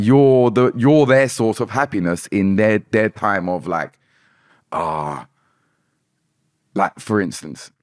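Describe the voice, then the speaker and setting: On a podcast, this young man from Britain, a dancehall artist, speaks in a low voice about his story, candid but full of restarts and repeated words. The studio-quality recording has no echo.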